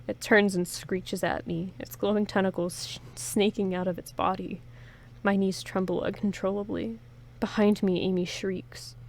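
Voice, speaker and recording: In a medium-pitched, slightly mellow voice with flat delivery and normal speed, a woman reads an interactive story game in first person, pushing the narration dramatically; a little hiss or hum is audible. She periodically stops to joke and chat with viewers before diving back in.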